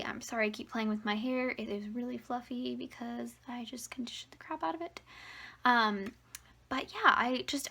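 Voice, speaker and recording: A woman in her twenties vlogging casually at home, rambling and hesitant, slipping into a breathy half-whisper and a little out of breath. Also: fairly high pitch, fairly bright tone. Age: 20s. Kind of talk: casual personal vlog. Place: at home near the fridge, indoors.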